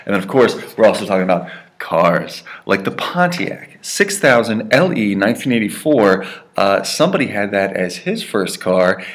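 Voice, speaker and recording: Male language teacher, lowish voice, playful lesson delivery, keeps tagging points with "right?". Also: a bit bright. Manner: playful, jokey, checks in with "right?" and "okay?" constantly. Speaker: Spanish teacher. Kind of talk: recorded classroom lesson.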